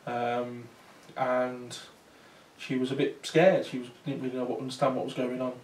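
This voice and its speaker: A man, a paranormal investigator, talks to a small audience in a mid-range, somewhat dark voice, flat and at a moderate pace. His story is chatty and full of fillers and restarts. A slight hiss or hum sits under the distant, roomy recording.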